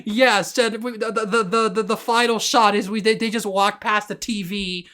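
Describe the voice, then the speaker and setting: A woman's voice: mid-range voice, steady tone, moderate pace, a bit bright. An enthusiastic woman co-hosts a casual podcast chat. She trips over her opening words and laughs easily as she talks. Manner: enthusiastic, laughs often, repeats words when starting. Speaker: podcast co-host.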